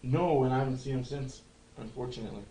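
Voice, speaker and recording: A man hosting a fan livestream, giving excitable casual commentary and chat, often repeating himself and swearing. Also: medium pitch, quick pace, reverberant, noisy background.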